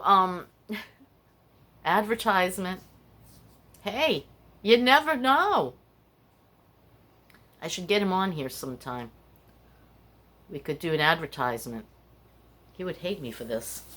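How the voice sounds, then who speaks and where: Low-leaning and a bit bright, this older woman's voice carries her casual podcast as she tells stories and opens up about how she feels in a rambling, personal chat.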